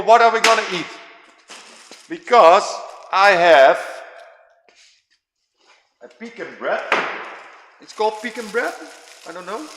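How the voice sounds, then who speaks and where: A man's voice: fairly high pitch, a bit bright, slight background noise. A man in his fifties hosting a casual livestream chat with viewers, rambling and repeating himself as he eats while he talks. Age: 50s. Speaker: livestream host chatting with viewers. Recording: echoey room with long reverb.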